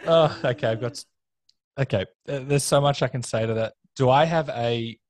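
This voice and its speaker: A man hosting a podcast with a soft Australian accent, asking questions and praising his guest with enthusiasm. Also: mid-range voice, moderate pace. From South Africa. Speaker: podcast host. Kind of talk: casual podcast interview.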